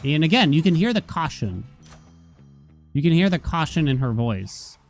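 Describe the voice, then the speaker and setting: A man's voice: a little high, very animated, moderate pace, faint music behind. A man streaming a video game, chatting casually and telling stories with acted-out quotes. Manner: chatty storytelling, acts out quotes. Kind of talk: casual gaming stream chat.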